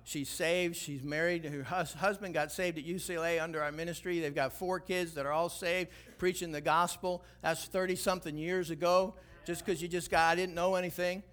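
High-voiced animated preacher man, 60s. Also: moderate pace, few pauses. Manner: animated storyteller, acts out dialogue, rises to loud exhortation. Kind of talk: sermon storytelling.

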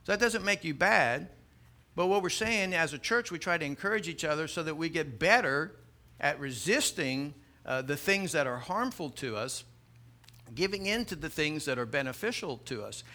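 A man delivers a sermon in a bright, lively-toned voice that sits a little high for a man. He speaks casually to his congregation, telling stories and often repeating his first words. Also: normal speed. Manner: conversational, storytelling with jokes; repeats words when starting sentences. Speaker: pastor.

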